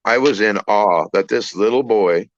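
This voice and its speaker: A man telling a personal story in a casual, halting way, repeating words and using many fillers. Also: on the low side, highs cut off, slight background noise. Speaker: trucker channel host.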